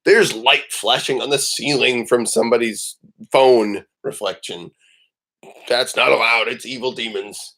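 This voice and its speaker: A man's voice: medium pitch, unhurried, pushed and bright, low-quality recording. A man voicing his bossy female dog as a strict, scolding little dictator. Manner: mock-stern, scolding.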